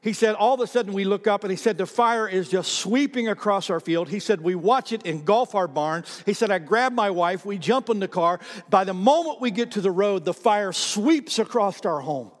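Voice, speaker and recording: A man preaching a sermon as pastor, animated, repeating himself and calling on the congregation to read aloud. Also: sits high, moderate pace, few pauses, in a large hall. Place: church sanctuary.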